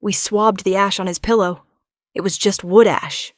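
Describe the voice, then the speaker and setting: A woman's voice: mid-range voice, fairly even intonation, normal speed, dry recording, studio quality, lightly acted. A woman voicing a flustered, defensive male police officer.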